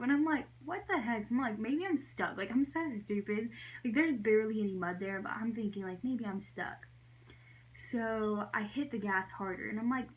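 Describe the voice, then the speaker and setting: Young woman vlogger, casual storytime, rambly, animated, heavy "like" fillers. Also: rough recording. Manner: animated, jumping high when acting out her own reactions.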